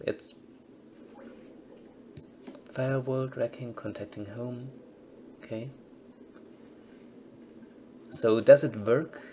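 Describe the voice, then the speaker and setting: A man's voice: medium pitch, steady tone, very slow, pauses often, background noise. A man casually commentating on a game he plays, reading its text aloud and adding dry, wry asides. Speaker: let's-play host.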